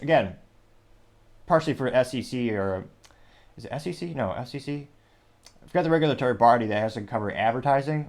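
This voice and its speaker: A man hosting a news commentary show, rambling and correcting himself with wry asides. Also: medium pitch. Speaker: show host.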